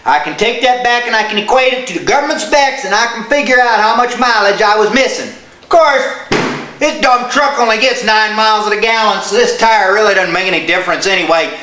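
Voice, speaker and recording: A man's voice: high-pitched, brisk, bright, forceful tone, echoey room, a little hiss or hum, poor audio. A man giving a goofy, comedic how-to on checking tire pressure, talking in folksy country slang and breaking into hammy whoops and yelps. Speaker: comic tire-check demonstrator.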